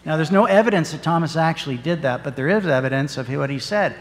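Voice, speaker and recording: A parish priest giving a sermon, telling a story in an earnest, measured way. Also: male voice, on the high side, animated. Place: church. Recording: long church reverb.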